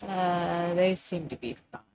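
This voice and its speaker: A woman's voice: on the low side, measured pace, darkish tone, slight background noise. A woman chatting casually on a live stream, distracted and muttering curses as her tech acts up.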